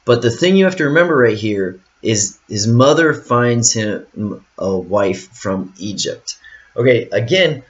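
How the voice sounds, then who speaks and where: A man's voice: mid-range voice, animated, a little slow. A man reading Bible verses aloud and then explaining them in a casual, rambling way full of fillers. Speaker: Bible study teacher. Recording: dull lo-fi recording.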